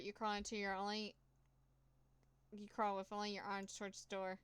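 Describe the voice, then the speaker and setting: Woman reading a text game, smooth voice. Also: flat delivery, fairly bright tone, no room sound. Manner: reads with dramatic pauses and nervous asides; voices cat meows and mouse squeaks herself. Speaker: gameplay narrator.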